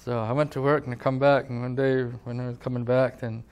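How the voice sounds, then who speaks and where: A man's voice: mid-range voice, flat delivery, brisk, a little mellow, clear, resonant tone. An older man from California, a tribal elder, telling his life story in a rambling oral-history interview, often saying "you know". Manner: rambling, leans on "you know", acts out quoted voices.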